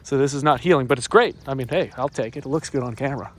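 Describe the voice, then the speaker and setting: A man working as a dog trainer, explaining his methods in a casual instructional way and coaxing the dog with high, sing-song praise. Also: quick pace. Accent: Western Pennsylvania. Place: outdoors on walks, then indoors in a stairwell. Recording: echoey, distant camera audio.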